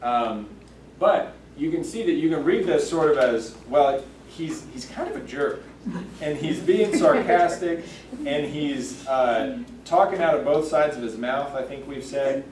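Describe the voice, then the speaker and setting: A man teaching a church Sunday school class, thoughtful and halting, with many fillers and restarts. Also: a little high, animated, darkish tone, slight background noise. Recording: echoey room, mic far off.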